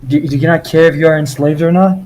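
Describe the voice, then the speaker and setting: A man's voice: fairly high pitch, steady tone, fast, a little mellow, slight background noise, rough recording. A man playing a tabletop game, stern and commanding when he speaks as his character. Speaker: player.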